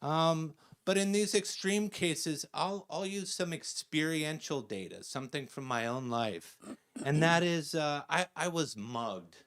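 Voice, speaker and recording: A man performing a stand-up comedy set, telling an animated personal story on stage, full of fillers and acted-out quotes. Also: fairly high pitch, measured pace. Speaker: researcher doing stand-up. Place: stage before a live audience.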